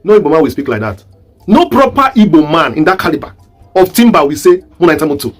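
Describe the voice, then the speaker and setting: A man's voice: a little high, big pitch swings, quick pace, faint music behind. A man with a Nigerian accent giving emphatic, rhetorical commentary to his viewers, firing repeated questions. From southeast Nigeria. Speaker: online commentator. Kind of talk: commentary video.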